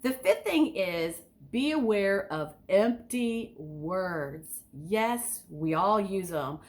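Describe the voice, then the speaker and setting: Lively, animated woman giving speaking tips. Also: medium pitch, slow pace. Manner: enthusiastic, sometimes overly excited; asks the listener direct questions. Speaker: speaking coach. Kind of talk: instructional talk.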